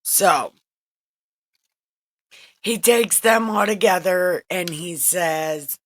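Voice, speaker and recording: A woman's voice: fairly low pitch, very slow, long pauses, no echo. A woman host retelling Bible stories in a casual, profane, wisecracking way, recorded in a makeshift home setup. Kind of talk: casual irreverent storytelling.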